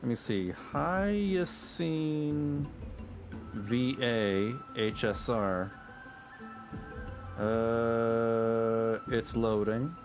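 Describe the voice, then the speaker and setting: A man's voice: mid-range voice, drawn-out words, long pauses. A man streaming a game and chatting casually, musing aloud and chuckling at his own remarks. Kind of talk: casual livestream commentary. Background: game music.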